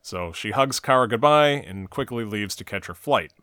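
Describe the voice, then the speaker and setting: A man's voice: lowish voice, lively intonation, normal speed, bright, forceful tone, no echo. Dry-voiced man recapping a show. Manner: narrates plot in long run-on recaps. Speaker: podcast co-host recapping a TV episode. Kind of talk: casual recap chat.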